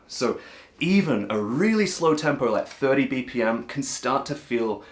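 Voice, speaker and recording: A man's voice: medium pitch, big pitch swings, normal speed. A man teaching a cajon lesson in a patient, reassuring way, sometimes counting and singing rhythms aloud. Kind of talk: relaxed, encouraging music lesson.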